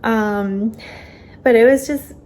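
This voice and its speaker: Slow-talking woman, a little out of breath. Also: fairly high pitch, a little mellow. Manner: chatty and candid, with many fillers. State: slightly out of breath. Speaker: vlogger. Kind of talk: casual vlog chat.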